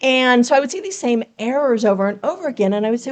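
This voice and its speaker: A woman guest on a podcast, explaining craft as a writing coach would. She speaks in a fairly high voice, earnest and teacherly, and asks her listeners rhetorical questions as she goes. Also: expressive, fast. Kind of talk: explanatory interview talk.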